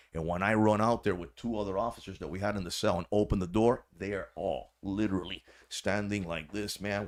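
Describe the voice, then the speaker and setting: A man, a former corrections officer, telling a story as a podcast guest in a casual, profane, slangy way. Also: low-pitched.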